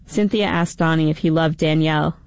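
A woman reading a first-person story in an even, measured way. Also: deep voice, vocal fry, dry recording. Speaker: audiobook narrator. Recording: background music under narration.

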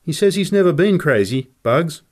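A jumpy, punch-drunk little ex-boxer in a storybook reading, as a man puts him on, raised high above the reader's own voice. He talks in eager, insistent bursts, with pitch swinging up and down all over the place. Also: expressive, normal speed, a little mellow, lightly acted.

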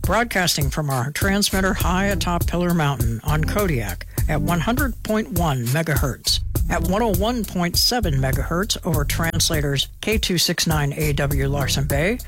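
A radio announcer reading a station identification in an even, steady way. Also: mid-range voice, normal speed, music in the background.

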